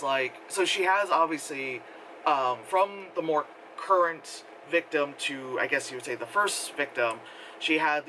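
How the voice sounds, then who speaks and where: A man with a bright, forceful, fairly high voice rambles through a casual movie review, sarcastic and loose, full of fillers. He is recorded outdoors with faint wind noise. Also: poor audio.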